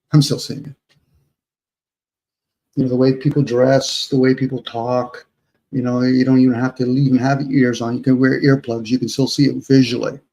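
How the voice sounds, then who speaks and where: A man's voice: medium pitch, flat delivery, moderate pace, mellow, low-quality recording. A man who is a guest on a live online panel, talking in a rambling, reflective way full of rhetorical questions. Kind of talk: casual live panel chat.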